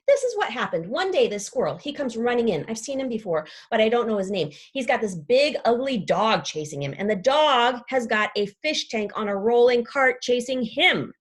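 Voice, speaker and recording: A woman reading aloud as a chatty, dramatic classroom pet parrot who makes up rhymes. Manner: lively storytelling with playful rhymes and pitch leaps. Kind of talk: children's book read aloud.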